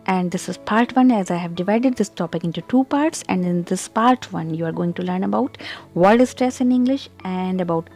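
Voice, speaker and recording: A woman teaching English pronunciation in an online tutorial, explaining carefully and deliberately, and pronouncing example words with clear stress. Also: mid-range voice, warm tone.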